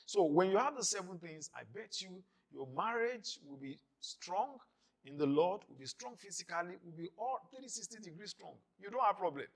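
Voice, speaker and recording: A man, a pastor preaching a sermon on marriage in an emphatic, repetitive style with rising and falling loudness. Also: sits high, lively intonation, moderate pace.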